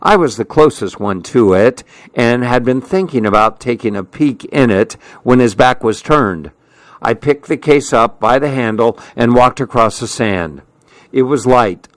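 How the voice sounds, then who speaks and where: A man narrating a story in a measured way. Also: mid-range voice, animated, no echo. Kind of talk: audiobook narration.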